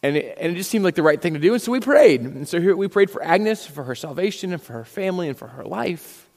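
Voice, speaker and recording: A man's voice: sits high, lively intonation, fast talker, darkish tone, in a large hall. A man preaching a sermon as pastor, retelling a story and acting out the dialogue with frequent restarts.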